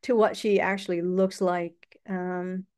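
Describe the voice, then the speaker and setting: A woman's voice: fairly low pitch, flat delivery, a little slow, darkish tone. A woman hosting her own channel, talking in a casual, rambling personal monologue and laughing often. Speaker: channel host.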